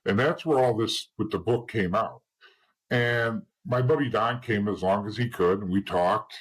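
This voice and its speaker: A middle-aged man with a husky voice talks candidly as an interview guest. His voice sits on the low side. He rambles bluntly and keeps restarting his sentences. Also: normal speed, rough recording. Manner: rambling and blunt, with frequent restarts and "you know". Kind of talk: candid personal storytelling in an interview.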